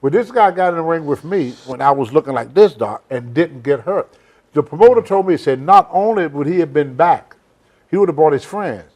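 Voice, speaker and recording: A man's voice: on the high side, expressive, a little fast, darkish tone. An older man hosting a casual interview, telling blunt, rambling stories in a folksy way. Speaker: host. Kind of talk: casual storytelling chat.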